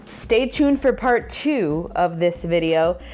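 Bubbly mom reviewing a kitchen gadget. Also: female voice, lowish voice, lively intonation, slow pace, a little mellow. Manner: bubbly, enthusiastic, laughing often. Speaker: vlogger and mother. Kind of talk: casual product review vlog.

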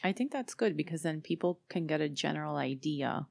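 A woman's voice: low-pitched, animated, fairly quick, vocal fry, darkish tone. Woman, podcast co-host, casual chat, teasing, playful.

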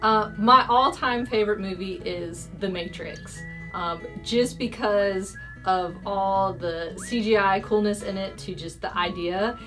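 A woman guesting on a casual YouTube interview. She answers in a bubbly way, giggling between thoughts. Her voice has a middling pitch, with light music faintly underneath. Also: unhurried.

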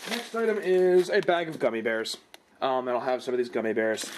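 Trying out cheap gadgets and snacks at home, a product review vlogger offers casual, rambling commentary that's dry and self-mocking. His mid-range voice runs a little fast, and the camera mic makes the recording noisy.

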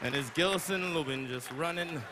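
Loud profane male stand-up comic. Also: a little high, normal speed. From Canada. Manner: loud, profane, punchy delivery. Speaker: stand-up comedian. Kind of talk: stand-up comedy set. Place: large comedy stage with live audience. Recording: loud crowd and room noise.

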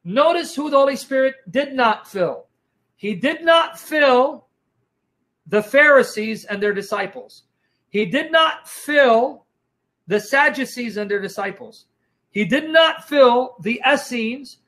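A man's voice: extremely high pitch, expressive, takes it slowly, fairly bright tone. A man teaching the Bible in a sermon style, emphatic and repetitive, often telling listeners to watch and asking if they follow, his throat strained by coughing.

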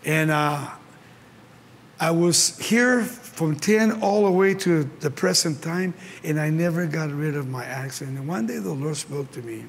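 An older Mexican pastor, speaking with a Mexican Spanish accent, preaches a sermon at a conference, telling stories with passion and acting out the voices he quotes. His voice is on the high side, a little slow and creaky. The large conference hall gives a long reverb with faint ambience.

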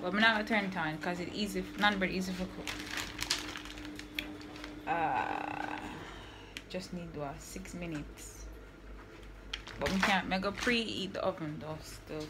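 A woman's voice: fairly low pitch, measured pace, long pauses, heavy background noise. A woman with a Jamaican accent mixed with British, chatting playfully and giving cooking instructions at home. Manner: playful, laughing, bossy with instructions. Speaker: vlogger host. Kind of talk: casual cooking vlog chat. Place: home kitchen.

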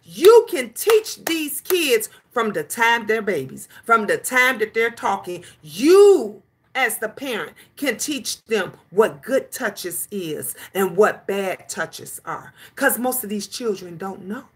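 A middle-aged grandmother ranting in casual commentary, emphatic and scolding, animated as she tells stories. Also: medium pitch, slow pace. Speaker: commentary channel host.

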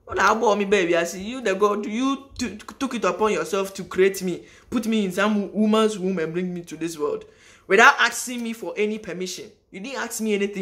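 A woman's voice: mid-range voice, a bit bright. A woman vlogger speaks straight to her audience in a loose, unscripted monologue. She presses her points by repeating them and often breaks off mid-sentence to start again. The delivery is earnest and emphatic. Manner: emphatic, repeats phrases for stress; rambling with restarts, addresses viewers directly. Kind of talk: casual spoken monologue to camera.

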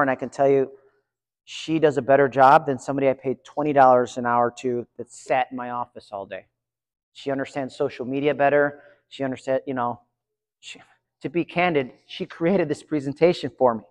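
A man giving a live conference session, chatty and energetic, talking to his audience. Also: medium pitch, fairly quick. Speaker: conference presenter. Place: large conference room. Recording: reverberant hall.

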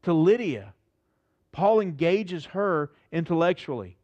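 High-voiced man preaching a lively sermon. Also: highs cut off. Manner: animated preaching, pitch rising for emphasis, slowing on key phrases. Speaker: pastor.

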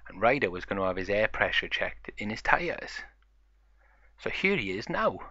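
A man's voice: on the low side, big pitch swings, normal speed, sharp tone, no room sound, lo-fi sound. A man narrating a toy play story in a chatty, run-on way.

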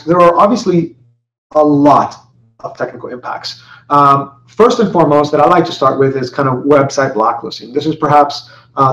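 A man with a fairly high voice presents a webinar, chatty and loose, full of "um"s and restarts, often asking his listeners questions. He sounds set back from the mic in an echoey room, and the audio is muffled. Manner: conversational, many fillers and restarts, rhetorical questions. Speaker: company executive presenting a webinar. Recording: roomy, distant, dull webinar audio.

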